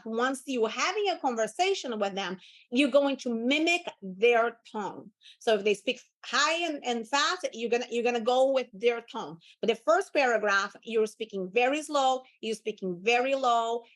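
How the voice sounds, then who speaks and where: A woman leading a live sales training, assertive and commanding, repeating words for emphasis. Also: fairly high pitch.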